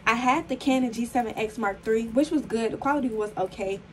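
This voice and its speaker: A young woman in her twenties, slightly hoarse, chatting casually to the camera in a vlog filmed on her phone at home, full of fillers and calling viewers y'all. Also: a little high, a little fast, slight background noise, poor audio. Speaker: vlogger.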